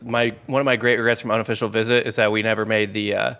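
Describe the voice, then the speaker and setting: A man's voice: on the low side, level tone, fast talker, a bit bright, smooth. A man co-hosting a podcast, chatting loosely and profanely at a studio table. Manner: profane, chatty, does exaggerated impressions. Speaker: podcast co-host. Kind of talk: casual podcast banter.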